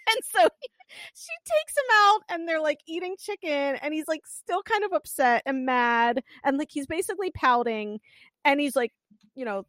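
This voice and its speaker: A woman's voice: high-pitched, fairly quick, no room sound. A woman co-hosting a podcast, chatting casually about a drama series and retelling scenes with lots of energy. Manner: animated retelling with acted quotes and laughs. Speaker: podcast co-host.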